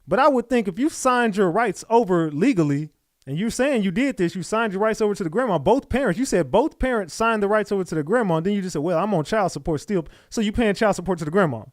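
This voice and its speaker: A man's voice: high voice, animated, fast talker, dry recording, clean studio sound. Blunt, mocking male livestream host. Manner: exasperated, mocking, talks straight to viewers. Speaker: livestream host reacting to a clip. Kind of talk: blunt profane livestream commentary.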